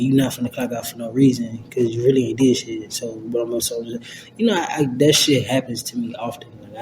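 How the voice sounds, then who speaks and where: A young man ranting to camera in a casual vlog, slangy and profane, rambling with lots of fillers. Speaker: vlogger. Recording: steady low rumble in background.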